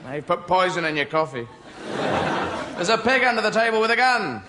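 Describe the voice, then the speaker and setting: A sulky pet mynah bird, as a comedian puts him on mutters paranoid threats in a sly, menacing tone. His voice runs high and swoops around. Loud noise fills the background of this live stand-up recording. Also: big pitch swings, a little fast. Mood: sullen sinister.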